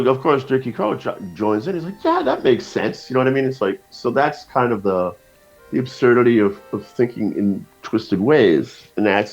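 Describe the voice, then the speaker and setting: Man, low voice, profane rambling storyteller, slightly dull lo-fi audio. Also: a little mellow. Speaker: guest cartoonist. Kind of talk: casual podcast conversation.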